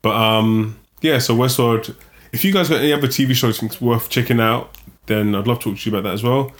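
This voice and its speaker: A man's voice: medium pitch, fast talker. A man hosting a podcast, chatting casually and rambling a little before an upbeat sign-off. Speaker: podcast host. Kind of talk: casual chat.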